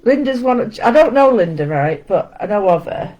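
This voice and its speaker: A woman's voice: medium pitch, big pitch swings, normal speed, highs cut off. A woman hosting a casual live-stream art lesson, chatting, greeting viewers by name and making self-deprecating asides. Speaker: art session host. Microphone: home setup with camera.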